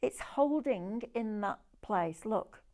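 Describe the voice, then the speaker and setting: Presenting a live craft shopping demo, a woman shows off products with chatty, enthusiastic sales patter. She speaks slowly and expressively, her medium-pitched voice carrying a darkish tone.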